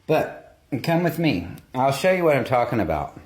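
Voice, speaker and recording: A man's voice: medium pitch, big pitch swings, moderate pace, a little mellow. A man casually chatting through a home baking vlog, rambling with little asides. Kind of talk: casual chat. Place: home baking room, indoors. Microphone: phone, sometimes earbuds.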